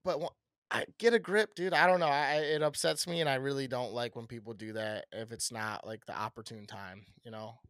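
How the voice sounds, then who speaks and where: Young man, casual podcast chat, animated storyteller, dry close sound. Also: medium pitch, a little fast, clean tone, dry recording. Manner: animated storyteller, swears a lot. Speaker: podcast co-host.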